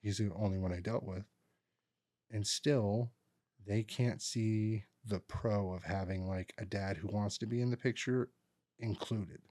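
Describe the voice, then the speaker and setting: A man with a fairly low voice co-hosts a podcast from a studio. He chats casually and rambles through family stories, acting out his relatives' lines along the way. The sound is dry and close, with no room echo. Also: steady tone, unhurried, a little mellow. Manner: rambling storyteller who acts out relatives' lines. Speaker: podcast co-host. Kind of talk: casual chat.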